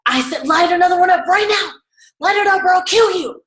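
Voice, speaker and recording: A woman acting out a huge male coach who yells commands in a man's face. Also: extremely high pitch, fairly quick, echoey room, far from the mic, voice pushed up. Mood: screaming commands. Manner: yelling, commanding. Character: furious towering male coach screaming orders.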